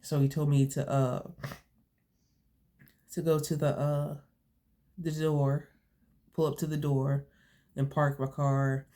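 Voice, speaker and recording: A woman's voice: deep voice, level tone, takes it slowly, pauses often, warm tone. A young woman vlogging casually to her viewers, rambling with lots of fillers and restarts, a bit sniffly from allergies. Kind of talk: casual storytelling to camera.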